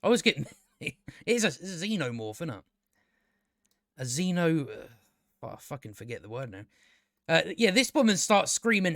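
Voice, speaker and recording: A man's voice: a little high, animated, normal speed, pauses often, fairly bright tone, dry recording, clean studio sound. A man giving a casual, exasperated review, swearing freely and restarting his sentences with stammers. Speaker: show reviewer. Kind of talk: casual ranting review commentary.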